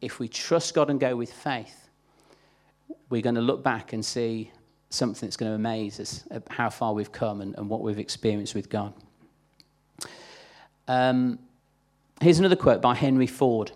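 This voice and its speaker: A man's voice: medium pitch, moderate pace, darkish tone. A man preaching a sermon in a chatty, conversational way, acting out the voices he quotes.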